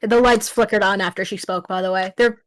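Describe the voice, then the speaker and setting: A woman's voice: mid-range voice, fairly even intonation, brisk, no echo. A woman game master running a tabletop horror game over a voice call, chatty and laughing easily.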